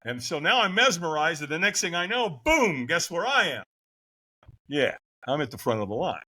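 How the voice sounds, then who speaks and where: A middle-aged man, a podcast guest, telling a story with lively, acted-out voices and frequent laughs. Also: on the high side, normal speed, slightly rough. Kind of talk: animated storytelling.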